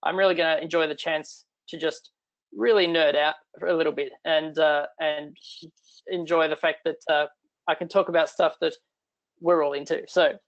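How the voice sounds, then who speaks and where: A man's voice: fairly high pitch, fairly even intonation, moderate pace, a bit bright, highs cut off. A middle-aged man with an Australian accent giving a chatty, irreverent online talk from home. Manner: chatty, irreverent, self-deprecating. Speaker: guest speaker.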